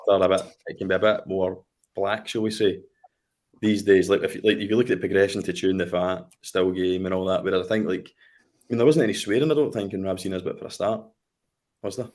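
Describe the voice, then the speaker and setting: A man from Scotland in his thirties, a podcast guest chatting casually and telling relaxed anecdotes. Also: deep voice. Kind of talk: casual chat.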